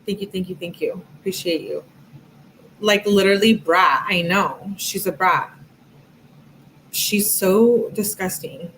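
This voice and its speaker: A woman's voice: medium pitch, measured pace, pauses often, fairly bright tone, a little hiss or hum. A woman hosting a live stream, giving casual commentary in a sarcastic, mocking way and laughing often.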